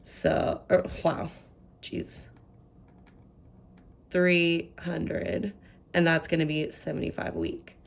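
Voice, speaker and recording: A young woman talks through a budget in a relaxed, chatty way, thinking aloud as she works out the numbers. Her voice sits a little low and has a gravelly, fry-laden texture. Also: slow pace, long pauses. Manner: chatty, thinks aloud while doing sums. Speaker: budgeting vlogger. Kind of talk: casual budget walkthrough.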